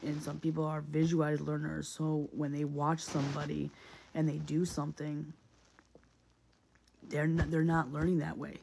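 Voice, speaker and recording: A man's voice: on the high side, vocal fry, a little mellow, slightly rough. A man in a casual, reflective monologue, speaking earnestly and often repeating himself with many fillers.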